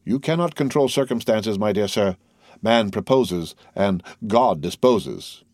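A poised, worldly nobleman who reassures with quiet authority, voiced by a man reading a novel. The voice is low and even. It sounds close and dry. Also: measured pace, no room sound. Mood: assured.

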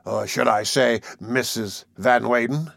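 A man reads a hard, domineering sea captain from a storybook, speaking slowly and with open contempt. His voice sits at a middle pitch and sounds close and dry, with no room around it. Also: vocal fry, a bit bright, no room sound. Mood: scornful. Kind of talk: audiobook character voice.

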